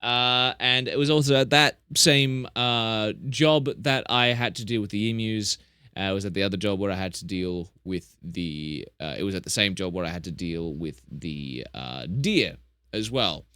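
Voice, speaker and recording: A man's voice: on the low side, normal speed, pushed and bright, clear, resonant tone, dry recording, clean studio sound. A young man chatting casually on a live stream, rambling and correcting himself as he tells animal stories. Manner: rambling, chatty, self-correcting, plays up tall tales.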